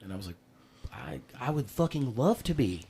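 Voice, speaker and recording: Man, podcast guest, casual storytelling, swears a lot, acts out quotes, mid-pitch voice. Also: normal speed, slight background noise. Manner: profane, animated retelling with acted quotes.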